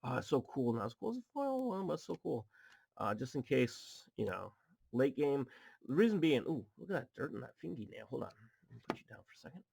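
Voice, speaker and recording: A husky, darkish mid-range voice with big pitch swings and vocal fry, a little fast, belongs to a man hosting a card-opening video. At home in his apartment, he chats casually while opening cards, reading their text aloud with goofy asides.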